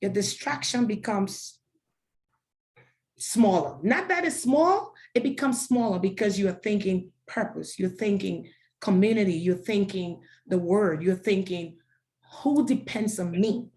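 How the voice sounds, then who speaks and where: A woman's voice: mid-range voice, unhurried, a little mellow. Woman, raised in Africa, founder, interview, earnest, declarative. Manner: earnest, declarative, preacher-like repetition. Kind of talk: interview answers, faith testimony.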